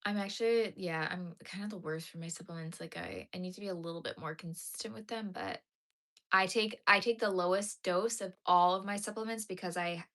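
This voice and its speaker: A woman's voice: on the low side, brisk, fairly bright tone. A woman chats loosely with her viewers from home. She sounds worn out and yawns often. Her talk wanders with plenty of fillers and restarts. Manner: tired, rambling, yawning, many fillers. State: tired and yawning. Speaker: crochet streamer. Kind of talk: casual live-stream chat. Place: home, talking to a live chat.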